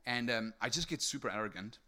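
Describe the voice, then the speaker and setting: A man's voice: mid-range voice, fast talker. A young man from South Africa telling his life story as a sermon to an audience, peppering it with "right?" and asking for raised hands. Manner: energetic storytelling with many rhetorical "right?" tags. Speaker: speaker giving testimony. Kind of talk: sermon testimony to a live audience.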